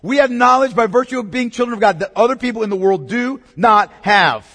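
A man's voice: extremely high pitch, animated, brisk, bright, forceful tone. A man preaching a sermon in an emphatic way, repeating key words and asking the congregation questions. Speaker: pastor. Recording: long reverb of a large hall.

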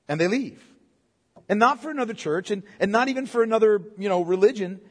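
A man's voice: high-pitched, expressive, fast talker, long reverb tail. A pastor preaching a sermon in a conversational way, firing off rhetorical questions and calling listeners "man.".

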